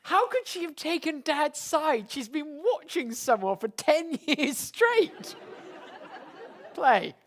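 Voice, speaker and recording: A woman's voice: high-pitched, very animated, slow, some chatter behind, a little hiss or hum. A woman hosting, giving amused, playful commentary over a show. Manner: amused, giggly.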